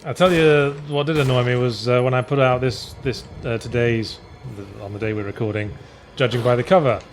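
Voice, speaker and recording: A man's voice: mid-range voice, steady tone, fairly quick, slight background noise. A man hosting a casual gaming podcast, chatting dryly with mocking asides and reading out viewer questions.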